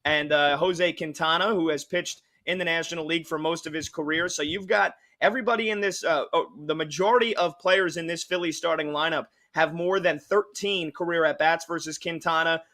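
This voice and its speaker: A man's voice: a little high, fairly even intonation, brisk, few pauses, bright, forceful tone. A man hosting sports betting radio, explaining a pick in a rambling, filler-heavy way. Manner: rambling, with many fillers and restarts. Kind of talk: casual betting analysis.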